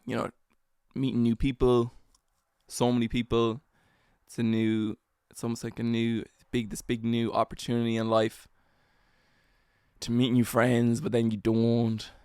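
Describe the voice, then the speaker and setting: A man's voice: mid-range voice, monotone, a little slow, a little mellow, smooth, no echo, clean studio sound. A young man hosting a solo podcast, telling a story in a rambling, self-mocking way with lots of slang and fillers. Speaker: podcast host.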